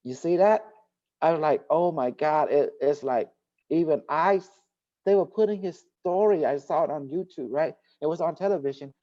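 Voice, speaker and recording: A man's voice: fairly high pitch, moderate pace, dark tone, no room sound. A man hosting a casual talk show, telling a story at length and with emphasis. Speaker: host. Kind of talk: casual chat. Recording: dull lo-fi recording.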